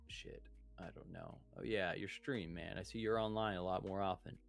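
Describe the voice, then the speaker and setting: Deep gravelly man chatting casually. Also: fairly even intonation, moderate pace, soft background music. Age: adult, a parent. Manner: rambling, profane, laughs often. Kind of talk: casual podcast chat between friends.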